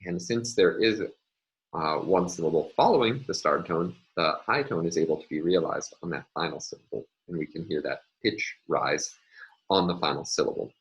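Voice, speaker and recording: A man with a very low voice talks through a recorded linguistics lesson at his computer. He moves methodically from point to point, filling pauses with ums and uhs while he annotates on screen. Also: low-quality recording. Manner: methodical, explains step by step with frequent ums and uhs. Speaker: linguistics lecturer.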